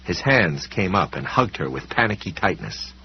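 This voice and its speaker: A male audiobook narrator with a deep, low voice who reads in a measured way, pausing for effect. The recording is dull and slightly muffled, with a faint hum in the background. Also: big pitch swings.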